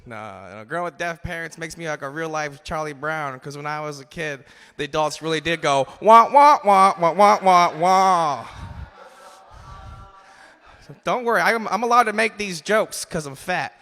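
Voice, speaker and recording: A man in his twenties doing a loose, swearing stand-up set on a comedy club stage, shouting in the bits. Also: on the high side, brisk. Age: 20s. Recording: live stage mic in long hall reverb.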